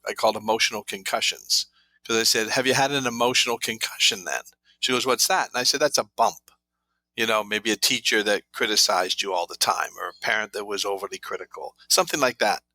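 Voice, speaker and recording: An author of trauma therapy books guests on an interview show, his lowish voice brisk, bright and forceful as he tells anecdotes full of quoted dialogue. The recording is dry and rough.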